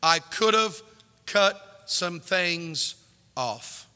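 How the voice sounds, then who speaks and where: Man preaching, fervent sermon, very high bright voice, repeats words when fired up, long church reverb. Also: expressive, extremely slow, smooth. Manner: fervent preaching, rising to shouts. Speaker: pastor. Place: church sanctuary.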